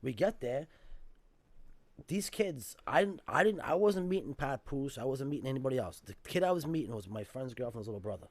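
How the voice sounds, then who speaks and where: New man, fast, profane storyteller, mid-pitched, casual podcast guest. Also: expressive, darkish tone, dry recording. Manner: emphatic, profane street-style talk.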